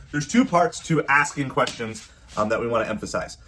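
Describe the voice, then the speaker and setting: A man's voice: mid-range voice, animated, a little fast, sharp tone, a little hiss or hum. Earnest man giving parenting advice. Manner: earnest, repeats phrases, acts out quoted coaches. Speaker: youth baseball coach and parent. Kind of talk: casual advice talk to camera.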